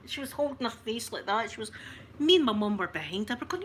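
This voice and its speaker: A Scottish woman hosts a casual livestream, telling a family story in a chatty, animated way with plenty of restarts and laughter. Her voice is bright and sits a little high. A faint background hiss runs under her. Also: fast talker. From Scotland. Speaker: ASMR livestream host.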